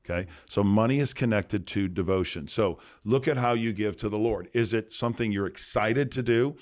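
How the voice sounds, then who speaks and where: Man, pastor, podcast teaching, emphatic, repeats phrases, low voice. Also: moderate pace, a little mellow. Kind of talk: podcast sermon-style teaching.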